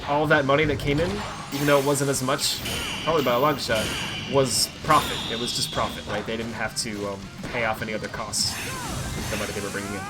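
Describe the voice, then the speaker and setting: A man's voice: medium pitch, fairly even intonation, fairly quick, over loud music. A young man streaming a video game, chatting casually with lots of fillers and restarts as he plays. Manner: rambling, filler-heavy, self-correcting. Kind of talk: casual gameplay commentary.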